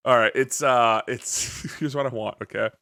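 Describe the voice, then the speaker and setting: A man hosting a casual podcast, talking in an animated, jokey way and swearing freely. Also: medium pitch, moderate pace. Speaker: podcast host.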